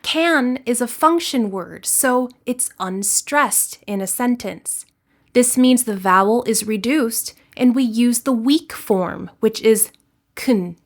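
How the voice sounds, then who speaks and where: An American woman teaching English, her voice sitting a little high. She takes her time over every word and lays out each point clearly and deliberately in a scripted lesson. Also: lively intonation.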